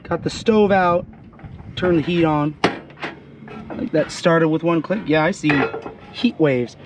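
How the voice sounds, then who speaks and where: A man hosting a fishing vlog, talking casually while he cleans and cooks fish, hoarse as he loses his voice. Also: fairly high pitch, slow pace, noisy background. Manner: chatty, exclaims often. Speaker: fishing channel host. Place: outdoors on a boat.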